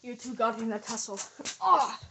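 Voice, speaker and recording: A woman's voice: medium pitch, flat delivery, moderate pace, a little hiss or hum. A woman narrating a mystery reveal, theatrically accusing the culprit as she retraces the crime step by step.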